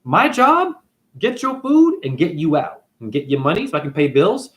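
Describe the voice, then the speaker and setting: A man telling a story in a casual, ranting monologue, with big swings in pitch as he goes. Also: huge pitch swings, moderate pace, a bit bright. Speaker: spiritual vlogger.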